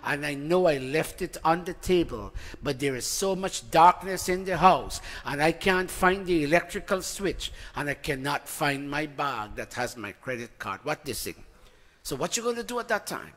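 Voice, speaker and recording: A middle-aged man leads a sermon with call-and-response chanting, moving from loud chant to hushed tones. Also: on the high side, animated, normal speed. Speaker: spiritual teacher leading satsang. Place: large hall before a congregation. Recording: long hall reverb, faint music behind.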